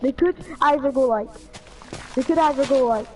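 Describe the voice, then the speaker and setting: Higher-voiced woman rambling and giggling. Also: moderate pace, rough recording. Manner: rambling, giggly, jumps into silly put-on voices. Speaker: vlog co-host. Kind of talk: casual chat.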